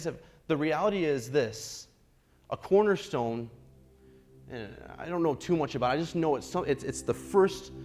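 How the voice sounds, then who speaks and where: A young male pastor preaching a sermon, earnest and repetitive, dropping into soft prayerful passages. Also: a little high.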